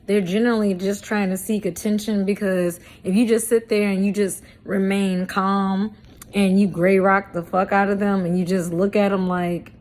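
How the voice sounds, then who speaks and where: A woman vlogger from St. Louis speaks straight to her viewers in a loose storytime monologue. Her talk is blunt and full of swearing and street slang. She stays animated and laughs now and then at her own points, in a middle-pitched voice. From St. Louis, Missouri, USA.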